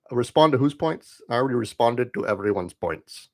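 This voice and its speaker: A man's voice: medium pitch, expressive, brisk, hardly any pauses. A young man live streaming, ranting casually to his chat in a rambling, dismissive way with lots of "like". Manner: rambling, heavy use of "like", dismissive.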